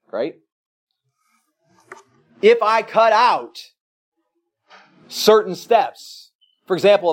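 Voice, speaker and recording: A pastor delivering a sermon in an easygoing, conversational way, often checking in with the congregation and using everyday examples. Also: male voice, fairly high pitch. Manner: conversational preaching with frequent tag questions and homely examples.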